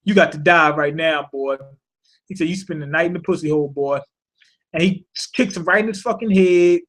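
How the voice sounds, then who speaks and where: A man giving a casual, profane recap of a comic chapter, rambling and laughing as he swears his way through the plot. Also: high voice. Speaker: manga reviewer.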